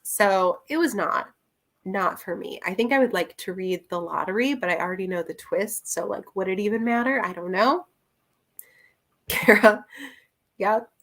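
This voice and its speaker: A woman's voice: mid-range voice, unhurried, fairly bright tone. A young woman chatting casually through a book review, rambling with plenty of fillers and little laughs.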